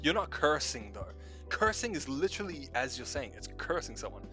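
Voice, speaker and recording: A man's voice: mid-range voice, sing-song, normal speed, sharp tone, faint music behind. A young man with a New Zealand accent, hosting a casual late-night stream chat, swearing freely, laughing often and musing about life. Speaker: stream host.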